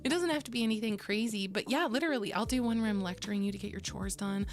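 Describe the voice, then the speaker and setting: A woman's voice: mid-range voice, fast, faint music behind. A young adult woman streaming and chatting casually with her viewers, bubbly, laughing often and swearing casually. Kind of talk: casual chat with live chat.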